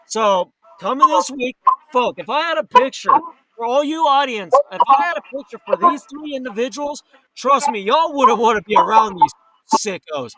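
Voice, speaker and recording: A man's voice: extremely high pitch, animated, normal speed, poor audio. A man hosting a live talk radio show, ranting angrily with heavy profanity. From New York or Florida. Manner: profane, heated, indignant. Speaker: host. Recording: loud background noise.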